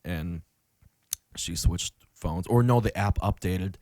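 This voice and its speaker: Profane rambling young man, low voice. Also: takes it slowly, darkish tone, no echo, studio quality. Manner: profane, rambling storyteller, lots of fillers. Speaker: podcast host. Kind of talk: casual chat.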